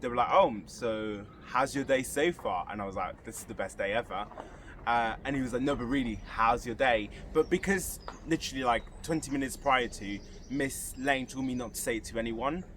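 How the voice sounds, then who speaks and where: A man's voice: mid-range voice, moderate pace, a little hiss or hum. Young guy vlogging, chatty storytelling, does everyone's voices. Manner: animated, acts out quoted voices. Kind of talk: casual storytelling.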